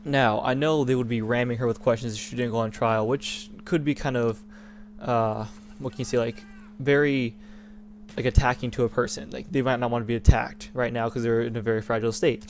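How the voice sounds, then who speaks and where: A man's voice: mid-range voice, steady tone, brisk, slight background noise. A young man hosting a gaming channel, talking in a rambling, indignant rant with many restarts. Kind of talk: casual opinion rant over gameplay.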